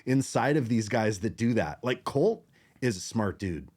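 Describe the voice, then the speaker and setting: Lower-voiced bass nerd guest, enthusiastic. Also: male voice, expressive, a little slow, a little mellow. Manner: enthusiastic, self-described nerd, laughs often. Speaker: guest bassist. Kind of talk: casual chat.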